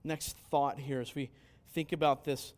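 A man's voice: mid-range voice, steady tone, unhurried. A man pastor preaching a sermon, earnest and emphatic, often asking rhetorical questions and answering them.

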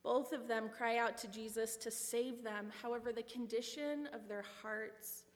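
A woman's voice: a little high, steady tone, measured pace. A woman giving a sermon, earnest and reflective, with a personal story. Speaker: preacher. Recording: long hall reverb.

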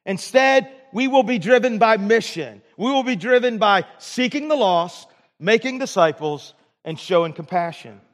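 A man's voice: high-pitched, animated, normal speed. A man preaching a sermon as pastor in a church, earnest, often restarting his phrases and asking "right?". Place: church sanctuary. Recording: long hall reverb of a church.

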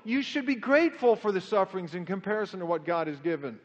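A man preaching a sermon in an animated way, swinging his pitch up and down to act out quotes. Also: quick pace. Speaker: pastor. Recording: dull lo-fi sound with long hall reverb.

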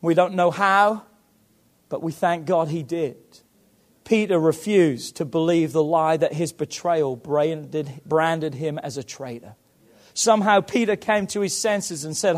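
A man preaching a sermon, swinging from hushed to loud and fervent, acting out Bible dialogue. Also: fairly high pitch, measured pace. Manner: acts out Bible dialogue with stammered repeats. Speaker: pastor.

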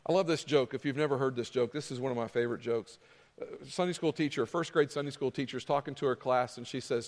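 A man's voice: medium pitch, quick pace, a little mellow, in a large hall. A man preaching a sermon as pastor, talking conversationally to the congregation and acting out their objections in their voices.

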